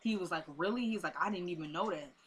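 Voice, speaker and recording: A woman's voice: on the low side, fast talker, slight background noise. A young woman, chatting casually as she recaps a TV episode and retells the scenes with quoted lines and asides.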